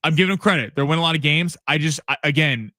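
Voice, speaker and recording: Male sports radio co-host, bright and slightly high, opinionated, dry studio sound. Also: racing, no echo. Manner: opinionated, many restarts. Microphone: studio mic.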